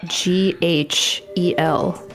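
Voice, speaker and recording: Woman streamer, low-pitched, giggly and curious, game music behind. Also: steady tone, drawn-out words. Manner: playful, giggly, asks questions. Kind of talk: casual chat while playing.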